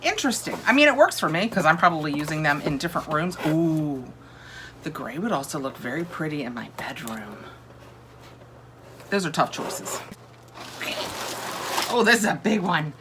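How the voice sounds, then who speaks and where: Woman, casual unboxing chat, gushing, slightly low voice. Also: animated, moderate pace, long pauses, noisy background. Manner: gushing, chatty, thinks aloud. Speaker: home decor unboxing vlogger.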